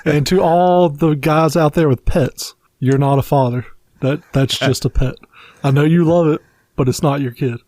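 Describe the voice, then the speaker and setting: A tired man hosting a podcast in casual chat, cracking dry, deadpan jokes. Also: fairly high pitch, moderate pace, no room sound. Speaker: podcast host.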